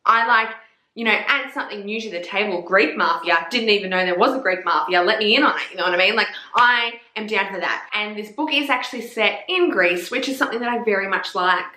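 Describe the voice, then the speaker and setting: A woman's voice: medium pitch, fairly quick. A young woman, chatting casually and sassily about books, swearing freely. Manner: sweary, sassy and animated. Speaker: book reviewer. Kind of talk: casual chat. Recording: echoey room.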